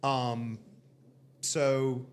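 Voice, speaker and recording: A man's voice: medium pitch, level tone, extremely slow, clear, resonant tone. A man co-hosting a comedy podcast, teasing his partner in casual banter. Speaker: podcast co-host.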